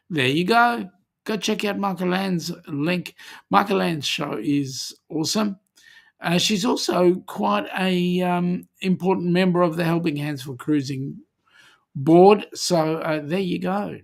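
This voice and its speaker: A host chatting casually on a livestream in an unhurried way. Reads viewer comments aloud, teasing and easygoing. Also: medium pitch, gravelly. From Australia.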